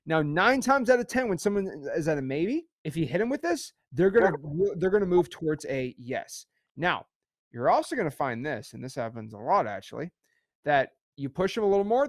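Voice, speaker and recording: An emphatic man running an online real estate lesson, repeating himself and checking in with his listeners. His voice sits a bit high. The sound is dry and close to the mic. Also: no echo. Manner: emphatic, repetitive, keeps saying "okay" and "again". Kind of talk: online teaching session.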